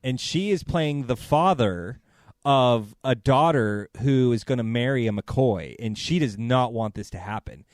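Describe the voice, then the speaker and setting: A man co-hosting a podcast and telling a funny story in a casual, animated way. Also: medium pitch, measured pace, dry recording, clean studio sound. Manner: animated storyteller who laughs through his own story. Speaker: podcast co-host.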